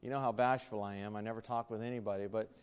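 A man's voice: lowish voice, fairly even intonation, fast talker, clear, resonant tone. A male preacher giving a sermon, telling a story in a folksy way with many fillers and restarts. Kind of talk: sermon with personal anecdote. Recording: dull sound in a reverberant hall.

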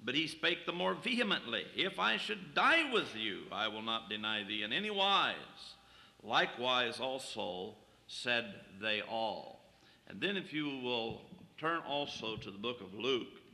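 A man's voice: mid-range voice, vocal fry, pushed and bright, long reverb tail. A man preaching a sermon, reading King James scripture aloud and then explaining it plainly to the congregation.

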